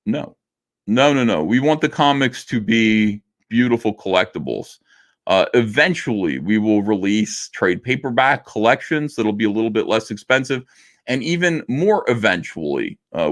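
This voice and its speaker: Joking, filler-heavy man on a livestream. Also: fairly low pitch. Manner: loose, joking, self-deprecating, many fillers. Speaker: livestream host reading super chats. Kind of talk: casual livestream chat.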